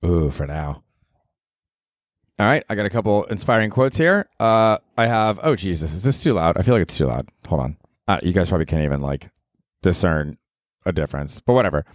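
A man's voice: deep voice, no room sound, studio quality. A young man hosting his own podcast solo, telling rambling stories in a casual, profane way, laughing at himself and saying "dude" often. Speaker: podcast host.

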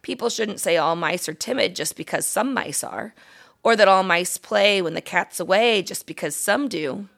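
A woman's voice: mid-range voice, moderate pace, creaky. Lady doing a keen little boy mouse, itching to see the world, storybook voice. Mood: eager. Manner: eager, excited. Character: curious adventurous young male mouse.

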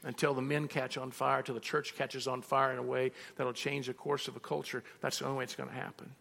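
A man's voice: mid-range voice, little pitch movement, a little fast, vocal fry, a bit bright. A man preaching a sermon as a pastor, telling personal stories and acting out both sides of conversations. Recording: reverberant hall.

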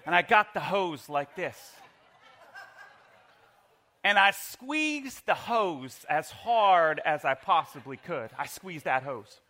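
A middle-aged man preaching a sermon in church, telling a lively personal story and leading the congregation in call-and-response. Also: a little high, takes it slowly. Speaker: pastor. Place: church service.

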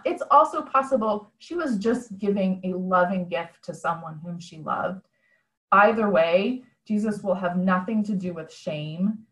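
A woman's voice: medium pitch, roomy sound, low-quality recording. A woman preaching a conversational sermon over a video call, retelling a story in a plain-spoken, reflective way.

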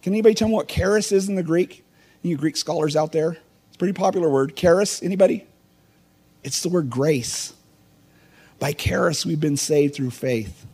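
A middle-aged teaching pastor gives a conversational, informal sermon, asking the congregation questions and sharing personal stories. His voice is fairly high, a little mellow, and husky, at a moderate pace.

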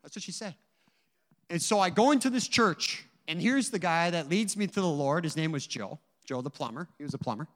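A guest speaker gives an earnest, emotional personal testimony to a church audience, telling his story with many asides. His voice is on the high side with lively intonation, a little fast. It sounds like a big room.

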